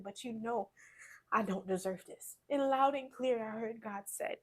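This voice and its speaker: Woman haltingly telling her own story. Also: a little high, a little mellow. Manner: rambling, halting storytelling with many restarts. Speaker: guest sharing her testimony. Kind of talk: emotional personal testimony.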